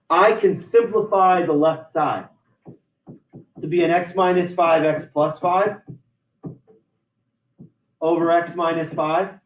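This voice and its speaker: A man teaching a math class, explaining algebra steps one at a time with frequent restarts. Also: a little high. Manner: explains step by step, with many restarts. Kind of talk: classroom lecture. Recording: roomy, distant, dull lo-fi sound.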